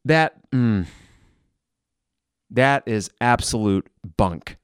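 A man hosting a live game reaction podcast, blunt and frustrated, who swears and flares into shouting. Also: medium pitch, lively intonation, drawn-out words, smooth, dry recording, clean studio sound.

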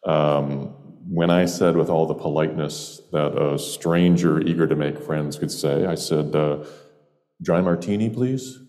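A man's voice: extremely low pitch, flat delivery, measured pace, darkish tone, big-room sound. A man from upstate New York telling a humorous personal story in a wry, meandering way with playful digressions. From Jamestown, New York, US.

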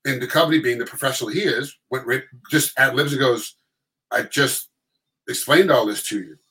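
A middle-aged man telling stories in casual chat, animated and acting out quotes in other voices. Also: medium pitch, normal speed, poor audio.

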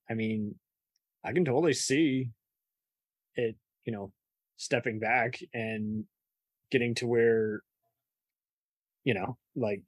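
A man's voice: on the low side, slightly rough, dry recording. A man hosting a podcast, talking about films in a rambling, casual way with many asides. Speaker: podcast host. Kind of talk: casual film discussion.

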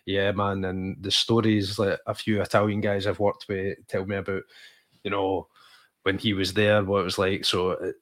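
A man's voice: sits low, little pitch movement, moderate pace, a bit bright. A Scottish man co-hosting a podcast, chatting enthusiastically about football and calling his co-host "mate". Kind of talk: casual football chat.

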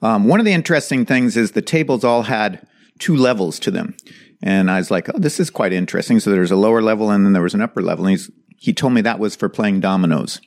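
Male host, low voice, conversational, leads the talk. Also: fast talker. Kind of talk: casual podcast chat.

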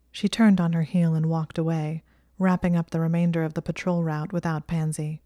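A woman reading a fan fiction story aloud as an audiobook, in calm, measured narration. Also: low voice, no room sound, clean studio sound. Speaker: audiobook reader.

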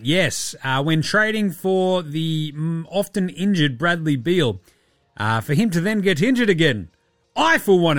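A man's voice: fairly high pitch, a bit bright, dry recording, studio quality. An Australian man hosting a basketball podcast, rambling through casual chat with sarcasm and plenty of swearing. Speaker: podcast host.

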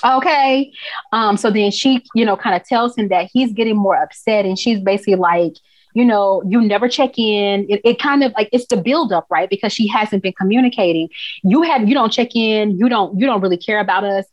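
A woman co-hosting a casual TV recap chat, talking in an animated, emphatic way and laughing often. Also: mid-range voice, a little fast, no echo. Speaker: podcast co-host. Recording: dull, dry recording.

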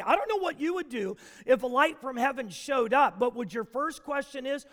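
A man preaching a sermon, emphatic, with dramatic pauses. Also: extremely high pitch, expressive, a bit bright. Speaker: pastor. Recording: long hall reverb.

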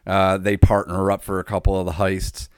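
Low-voiced man recapping matches, dry sound. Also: completely flat delivery, normal speed, clear, resonant tone, no echo. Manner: blow-by-blow recap with frequent filler uhs and swearing. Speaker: podcast co-host. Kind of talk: casual wrestling recap chat.

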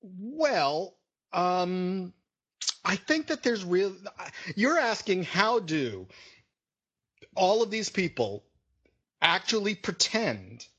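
A man with a slightly high voice co-hosting a comedy podcast. He is crude and provocative, throwing out blunt, profane jabs in casual political banter. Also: sing-song, drawn-out words, long pauses, fairly bright tone, breathy edge, lo-fi sound. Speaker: podcast co-host.

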